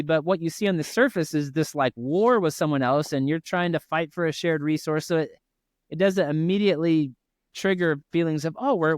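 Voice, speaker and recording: A man hosting a podcast interview, speaking in a thoughtful, measured way with some fillers. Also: on the high side, dry recording, clean studio sound. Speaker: podcast host. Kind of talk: interview, reading an excerpt aloud.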